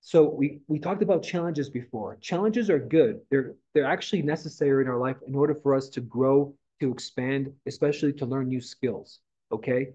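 A middle-aged man gives a loose, conversational motivational talk to his team and keeps checking in with "right?" and "okay?". His voice is mellow and relaxed rather than bright. The recording is a little dull and lo-fi. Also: medium pitch, normal speed, slightly rough. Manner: casual, rambling, with mild swearing and frequent "right?" and "okay?". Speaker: real estate team leader. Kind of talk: motivational morning meeting talk.

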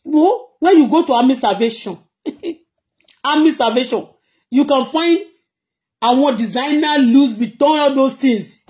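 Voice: high-pitched, measured pace, pauses often, a little mellow. A blogger from Nigeria with a Nigerian accent, chatting casually on a live stream, laughing often and switching languages freely. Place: at home in Canada.

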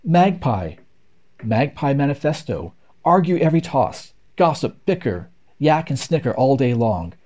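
Man reading poems with lively pitch. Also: unhurried. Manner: rhythmic, expressive reading. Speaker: reader. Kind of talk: poetry read aloud.

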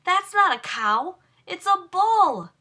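An eager young girl from a storybook, voiced by a woman reader, exclaims her lines in a bright, high voice. She sounds keen and easily excited, with lots of rise and fall. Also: slow pace, full character voice. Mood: alarmed.

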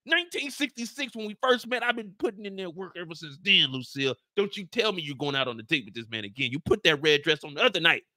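Dude doing a hurt husband, low and pleading, crisp dry mic. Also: male voice, very animated, quick pace, few pauses, pushed and bright, no room sound, heavily acted. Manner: low, wounded, complaining. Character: hurt middle-aged husband, stubborn, pleading.

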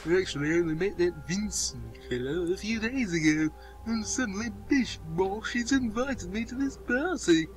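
A man voicing a chatty, posh gentleman in a put-on English accent, breezy and chirpy. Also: high voice, animated, normal speed, soft background music.

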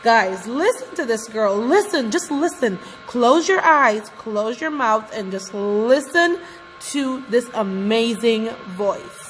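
A woman's voice: a little high, lively intonation, slow pace. A woman vlogger gushing in music reaction commentary, effusive and repeatedly calling out to her viewers. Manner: gushing, effusive, keeps addressing viewers as guys. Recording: reverberant room with faint music. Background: faint music from the reacted video.

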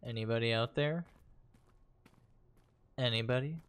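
A man's voice: mid-range voice, a little slow, fairly bright tone, clear, resonant tone. Male streamer, horror let's play, loose and jokey, swears a lot. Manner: joking, profane, laughs often. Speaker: gaming streamer.

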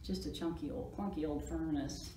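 A woman librarian reading a picture book aloud to children, with animated, chatty asides about the pictures. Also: deep voice, normal speed. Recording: roomy echo, distant mic, faint noise.

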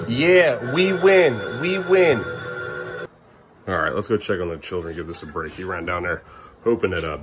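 A man's voice: on the low side, takes it slowly, long pauses, soft background music. Playful dad coaxing his kids at home. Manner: coaxing and playful with small children, muttering asides. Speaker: father filming his kids. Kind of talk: casual family vlog. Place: family home indoors.

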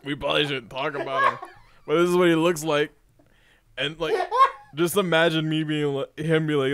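A man chatting as a podcast co-host, telling a story excitedly, laughing and swearing often. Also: fairly high pitch, a little fast, clear, resonant tone. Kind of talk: casual chat.

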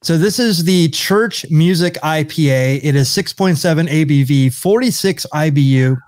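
A man's voice: a little high, moderate pace, a little mellow, dry recording. A man co-hosting a podcast, chatting casually and searching for words as he describes a beer. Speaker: podcast co-host. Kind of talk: casual chat.

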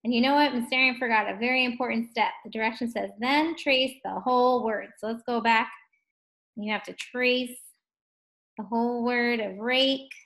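A woman teaching a first grade phonics lesson at a distance, drawing out words slowly and gently asking young children questions. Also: a little high. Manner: slow, drawn-out words sounded out for children.

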